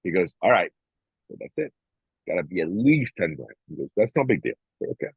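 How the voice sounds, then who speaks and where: Husky rambling middle-aged man. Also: deep voice, big pitch swings, a little fast, no room sound, phone-quality sound. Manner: rambling, many restarts, proud. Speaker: podcast co-host. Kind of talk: casual motivational chat.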